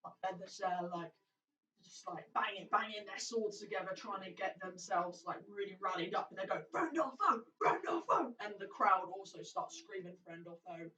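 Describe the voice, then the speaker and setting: A woman's voice: mid-range voice, little pitch movement, normal speed, pushed and bright. Lady dm narrating a game, distant mic in a roomy space, muffled lo-fi sound. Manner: chatty, laughing, swears in quoted lines. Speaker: dungeon master.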